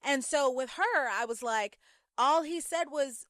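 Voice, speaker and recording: A young woman with a fairly high voice talks straight to camera in a casual commentary vlog. She tells her stories in an animated way, her pitch leaping up as she makes a point. The sound is dry and close, with almost no room around her. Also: normal speed, no room sound. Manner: animated storytelling with sudden pitch jumps. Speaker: YouTube commentator.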